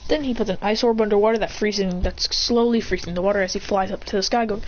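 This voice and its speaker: A woman's voice: medium pitch, quick pace, slight background noise. A woman telling an improvised story in a rambling way, full of restarts and sound effects, on a dull lo-fi recording.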